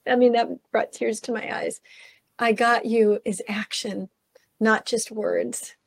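A woman's voice: fairly high pitch, fairly even intonation, slow, vocal fry, husky, dry recording. Woman host with a lilt, eager, chatty, close and dry. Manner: enthusiastic, addresses listeners as y'all. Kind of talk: casual interview.

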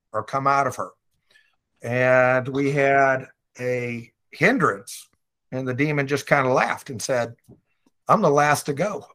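A man's voice: medium pitch, bright, forceful tone. A man who is a guest minister, earnestly telling stories in a conversational ministry talk.

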